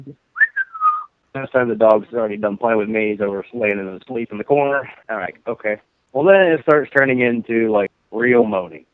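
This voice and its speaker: A man's voice: medium pitch, no room sound. Profane man telling a story. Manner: rambling, profane, laughs at his own story. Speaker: podcast co-host. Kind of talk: casual storytelling. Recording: dry, phone-like narrow sound.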